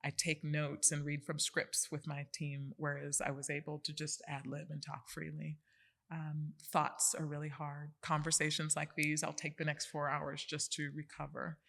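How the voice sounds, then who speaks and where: Gravelly-voiced woman telling her story. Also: deep voice, completely flat delivery, normal speed, fairly bright tone. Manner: earnest, emphatic storytelling. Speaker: guest. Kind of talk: personal story in a podcast interview.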